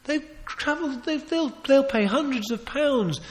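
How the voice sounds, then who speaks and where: A man preaching a sermon, emphatic and animated, often restarting his phrases and adding asides. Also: very high voice, measured pace. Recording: long reverb of a large hall.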